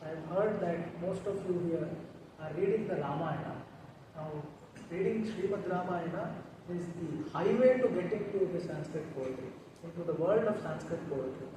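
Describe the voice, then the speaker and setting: A man with an Indian English accent giving a talk on poetry, chanting verses slowly and melodically between explanations. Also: a little high. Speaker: guest speaker on Sanskrit poetry. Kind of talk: lecture with recited Sanskrit verses. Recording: echoey hall, distant mic, noticeable noise.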